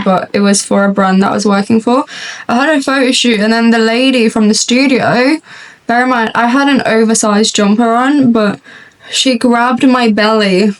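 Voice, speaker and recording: In a chatty get-ready-with-me video, a young beauty vlogger with a slightly high voice tells a long, rambling story while doing her makeup, laughing often. She sits a bit off-mic, far away, and the recording quality is low.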